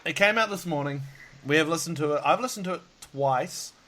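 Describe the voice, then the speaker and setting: A man chats loosely as a podcast host, sounding worn out. He rambles, laughs often and swears without a second thought. His voice sits a little high for a man. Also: fairly quick, pushed and bright. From Australia. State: tired. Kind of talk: casual chat. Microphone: video call.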